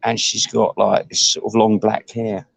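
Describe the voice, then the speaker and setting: A man's voice: on the low side, flat delivery, measured pace, vocal fry, dry recording. A man delivering a crude, rambling comic rant, full of restarts and asides.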